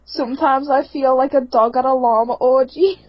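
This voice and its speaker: Young female co-host, high bright voice, giggly and chatty. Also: steady tone, moderate pace, a little hiss or hum, low-quality recording. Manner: giggly, laughs often. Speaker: podcast co-host. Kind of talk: casual chat among friends.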